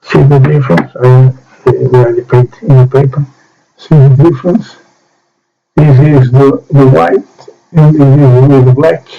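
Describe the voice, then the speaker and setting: Halting slow man. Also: medium pitch, steady tone, creaky. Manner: halting, short phrases with pauses. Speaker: miniature painting hobbyist. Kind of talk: slow hands-on painting demo. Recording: dull lo-fi sound with soft music.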